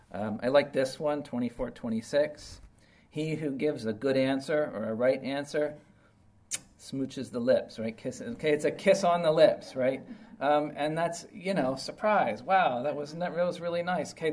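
A man's voice: a little high, darkish tone. Chatty man teaching a Bible lesson. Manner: conversational, checks in often with "right?" and "okay?"; plainspoken, explains verses with everyday examples. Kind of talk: informal Bible study lesson.

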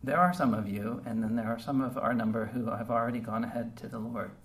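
Heartfelt male pastor, distant mic. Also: medium pitch. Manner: heartfelt, conversational, halting with fillers. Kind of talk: sermon. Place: church service. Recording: distant mic with faint background noise.

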